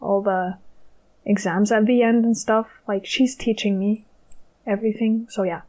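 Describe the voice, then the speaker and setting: A woman's voice: mid-range voice, fairly even intonation, moderate pace, mellow, low-quality recording. A young woman from Ukraine, a podcast guest chatting casually, with frequent laughs and fillers. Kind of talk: casual chat.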